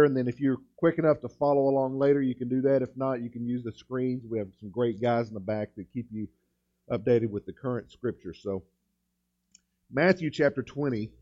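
A man preaching a sermon as pastor, slowing and lifting his voice on key words, with frequent restarts. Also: mid-range voice, a little mellow, highs cut off. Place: church sanctuary.

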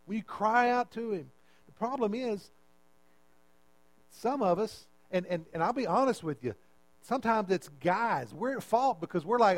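A man's voice: high-pitched, lively intonation, moderate pace, no room sound, rough recording. A man preaching a sermon as pastor, emphatic and repeating his phrases as he calls out to the congregation.

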